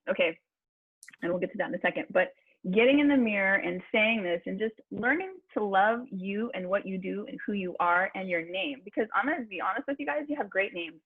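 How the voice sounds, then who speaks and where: An upbeat woman coaching a group on a video call, encouraging and quick to laugh. Her voice is a little husky, and the line is thin and phone-like with a dry, close sound. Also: medium pitch, no room sound. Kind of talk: online speaking workshop.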